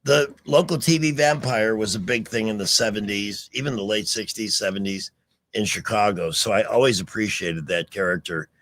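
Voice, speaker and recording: A man's voice: on the low side, moderate pace, fairly bright tone, dry recording. A man co-hosting a radio talk show, chatting casually with callers and his co-host and joking along. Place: radio studio.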